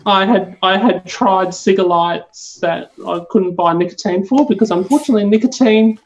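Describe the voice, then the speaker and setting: A woman's voice: mid-range voice, normal speed, lo-fi sound. A woman from Australia with an Australian accent, a podcast guest chatting casually and rambling a little, with lots of fillers and restarts. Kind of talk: casual chat.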